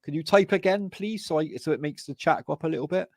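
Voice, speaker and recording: A man's voice: a little high, quick pace, no echo. A man hosting a casual livestream chat, reassuring his guests and calling them "man" and "brother". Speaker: livestream host.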